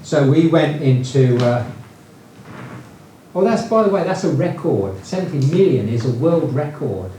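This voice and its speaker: A retired business founder tells casual anecdotes about his business days, rambling with lots of fillers and restarts. His voice is fairly high and mellow, with lively intonation and a slightly slow pace. The recording comes from a very echoey room with a distant mic and faint noise.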